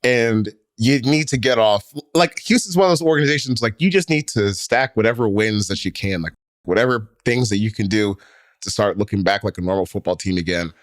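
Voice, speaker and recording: A man's voice: fairly low pitch, a little fast, no echo, studio quality. A man co-hosting a sports podcast, talking casually and rambling through his points with lots of fillers. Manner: rambling, heavy on fillers and restarts. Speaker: podcast co-host.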